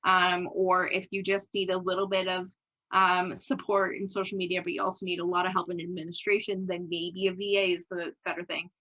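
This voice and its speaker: A woman's voice: fairly low pitch, flat delivery, a little fast, bright, forceful tone, highs cut off. A young woman guest on an interview podcast, chatting candidly, laughing often and acting out her own past thoughts. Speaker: podcast guest, business owner. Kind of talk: casual interview chat.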